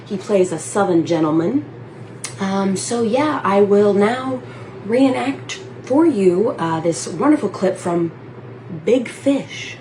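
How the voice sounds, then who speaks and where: A woman's voice: mid-range voice, animated, slow, warm tone, a little hiss or hum, poor audio. A woman introducing her comedic video from a laundry room in a breezy, offhand way. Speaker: video contributor.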